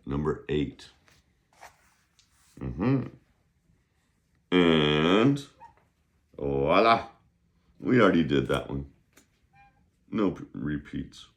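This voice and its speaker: Playful low-voiced man teaching. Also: big pitch swings. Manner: playful, hums and sings filler tunes between steps; slow, drawn-out pronunciation drills. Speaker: Chinese teacher. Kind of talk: playful classroom lesson.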